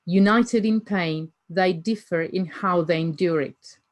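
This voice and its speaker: Slow, deliberate woman lecturing. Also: fairly low pitch. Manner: slow, deliberate close reading with emphatic pauses. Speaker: conference speaker. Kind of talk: academic lecture.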